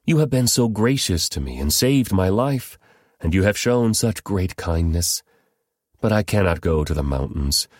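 A man voices an anxious host begging and pleading in a scripture reading. His low voice rises when he pleads. The sound is close and dry. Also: expressive, moderate pace, a little mellow, dry recording.

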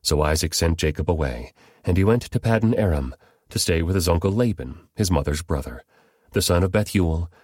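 A man narrating a Bible story in a steady, even reading voice. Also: deep voice, fairly quick, breathy edge, no echo, clean studio sound.

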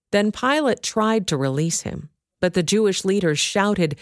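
A woman narrating a scripture passage in a steady, measured reading. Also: mid-range voice, no echo, clean studio sound. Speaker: scripture reader.

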